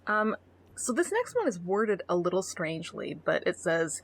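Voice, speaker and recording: A woman's voice: fairly low pitch, sing-song, normal speed, a little hiss or hum. Sarcastic woman co-hosting a podcast. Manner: sarcastic, blunt, swears freely. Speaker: podcast co-host. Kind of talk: casual chat, reading a dating profile aloud.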